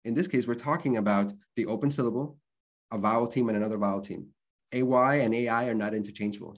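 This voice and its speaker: A man presenting an online literacy workshop, explaining things in a conversational way and spelling out sounds. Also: on the low side. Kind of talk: workshop lecture.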